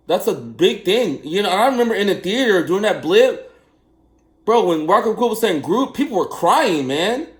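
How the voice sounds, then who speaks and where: A man's voice: sits high, very animated, normal speed. A man chatting casually and telling rambling personal stories, often laughing and saying man and bro. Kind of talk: casual storytelling chat.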